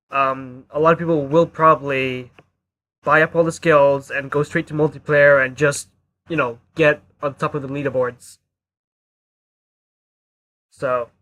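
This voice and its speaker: A man's voice: fairly high pitch, fairly even intonation, measured pace, long pauses, fairly bright tone. A man co-hosting a gaming podcast in casual chat, laid-back and hedging his points with fillers. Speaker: podcast co-host.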